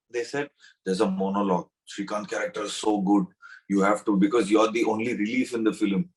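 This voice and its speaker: A middle-aged man with a South Indian English accent, answering interview questions in a rambling way with many fillers and restarts. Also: medium pitch. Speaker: interviewed actor.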